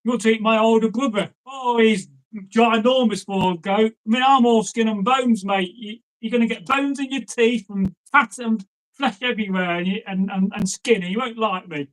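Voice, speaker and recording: A man's voice: high voice, normal speed, natural voice, rough recording. A man voicing a smart, cheeky middle billy goat talking his way out of trouble. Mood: persuasive. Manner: cheeky, persuasive, calls the troll mate.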